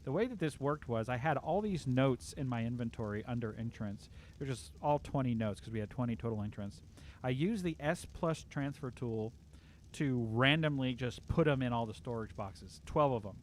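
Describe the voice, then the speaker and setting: A man's voice: medium pitch, expressive, normal speed, a little hiss or hum. Chatty rambling man streaming a game. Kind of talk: casual live-stream chat.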